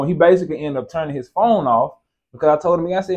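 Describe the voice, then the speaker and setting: A man's voice: on the high side, fast, darkish tone, dull audio. A man co-hosting, retelling a confrontation in heated, emphatic casual chat. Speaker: co-host.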